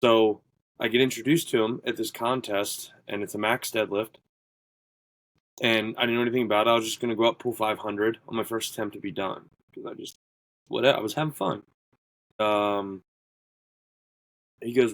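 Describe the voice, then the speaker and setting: Low-voiced man telling gym stories. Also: steady tone, normal speed, long pauses, dry recording, poor audio. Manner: rambling, filler-heavy, quotes people in his stories. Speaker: podcast guest, strongman athlete. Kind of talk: casual interview storytelling.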